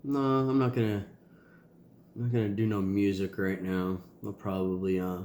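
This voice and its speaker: A man's voice: fairly low pitch, little pitch movement, normal speed, a little mellow, roomy sound, slight background noise. A man with a nasal voice, a tired and sore father talking casually to his kids in a rambling video diary. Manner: rambling, loose, with many ums and sighs.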